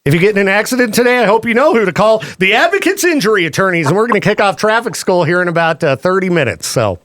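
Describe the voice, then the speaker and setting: A man hosting a casual morning radio show, talking quickly and loosely and laughing easily. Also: high-pitched, lively intonation, a bit bright, no echo, clean studio sound. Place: radio studio. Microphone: studio mic.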